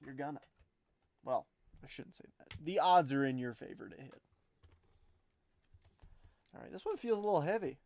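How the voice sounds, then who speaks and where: A young man runs a live card break in a slightly high voice. He rattles off an easy stream of commentary and calls out to his viewers by name. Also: normal speed, long pauses. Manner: chatty, excitable, talks to chat viewers by name.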